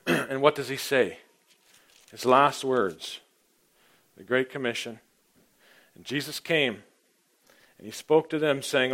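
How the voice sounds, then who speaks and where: A man preaching an informal, rambling sermon, often clearing his throat and swinging between loud emphasis and near-quiet asides. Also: medium pitch, measured pace, long pauses.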